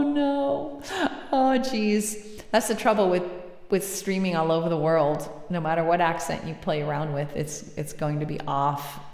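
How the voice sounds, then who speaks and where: A woman's voice: lowish voice, creaky, darkish tone, reverberant, long reverb tail. A woman hosting a music livestream, chatting casually with viewers in a self-deprecating way and laughing easily.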